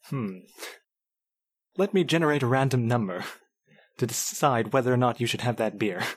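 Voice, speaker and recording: A man's voice: mid-range voice, lively intonation, moderate pace. A man taking part as a player in a tabletop game, laid-back and dry, answering in short replies. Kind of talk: casual tabletop play.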